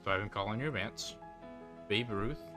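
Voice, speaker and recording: A man's voice: on the low side, moderate pace, music in the background. A man casually commenting on a game and reading its text aloud as he plays. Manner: casual, offhand remarks. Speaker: gaming video host.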